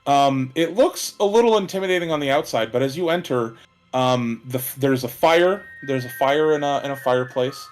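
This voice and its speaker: A man narrating a tabletop game as its game master. He talks in a relaxed way, with many fillers. Faint music plays behind him. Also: medium pitch, moderate pace.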